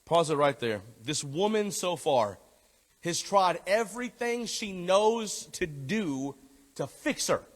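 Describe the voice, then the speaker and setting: A pastor with a fairly high voice preaches a sermon slowly and with animation, driving his points home through repeated phrases and sometimes softening into a low, gentle appeal. He alternates between reading scripture and addressing the congregation directly. A long reverb makes the echoey recording sound like it fills a large hall.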